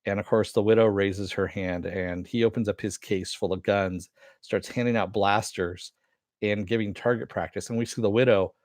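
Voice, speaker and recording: Low-voiced man rambling through a recap. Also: fairly even intonation, normal speed, a little mellow, no echo, studio quality. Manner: rambling, filler-heavy retelling with casual swearing. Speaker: reviewer. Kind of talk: casual episode recap.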